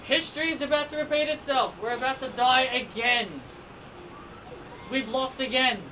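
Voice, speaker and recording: A man's voice: extremely high pitch, fairly even intonation, normal speed, pushed and bright. A man commenting on his own game as he plays, exasperated and repeating himself, pleading with and scolding the game. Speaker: let's play gamer. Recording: distant mic with faint background noise.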